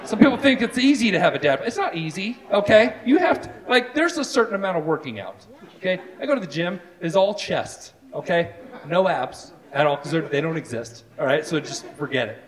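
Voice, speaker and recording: A man's voice: high voice, brisk. A man doing self-deprecating stand-up comedy on a live stage, talking to the audience. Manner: animated, self-deprecating, lots of asides. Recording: live show with loud crowd. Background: audience laughing.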